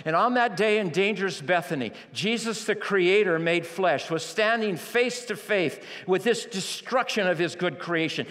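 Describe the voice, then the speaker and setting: Guy preaching, fairly high voice, goes from quiet almost-whisper to full-on shouting, lots of echo from the church hall. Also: expressive. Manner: dramatic, swinging from quiet near-whispers to shouting; slow, emphatic phrasing with repeated key words. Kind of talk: sermon. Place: church sanctuary. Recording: long reverb of a large church hall.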